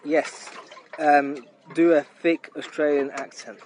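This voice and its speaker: A man's voice: on the high side, level tone, slow, a crowd in the background. A man vlogging on a lake trip, chatting casually in a playful, teasing way. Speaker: travel vlogger. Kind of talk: casual chat. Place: rowing boat on a lake, outdoors.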